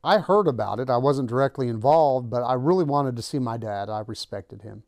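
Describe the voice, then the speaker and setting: This channel host chats casually through a personal story, voicing the lines of the people involved. He has a mid-range, slightly mellow voice and talks briskly, with no echo and studio-quality sound.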